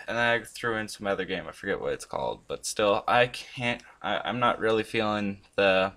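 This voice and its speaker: A man hosting a gaming channel, chatting casually and rambling as he plays, swearing often and breaking into sudden loud outbursts. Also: lowish voice, normal speed, hardly any pauses. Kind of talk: casual commentary while playing a chatbot.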